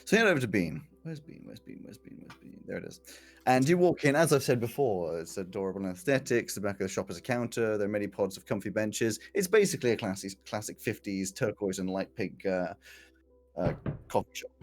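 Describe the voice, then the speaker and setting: A man's voice: fairly low pitch, expressive. Guy running a tabletop game, lots of restarts, faint music in the background. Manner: descriptive, halting, many restarts. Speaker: game master.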